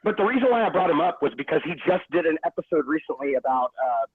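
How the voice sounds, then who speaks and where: A man's voice: on the high side, expressive, fast, a crowd in the background. A man in a casual online group chat, enthusiastic and swearing casually as he recommends things. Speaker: co-host. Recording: tinny phone-like online call.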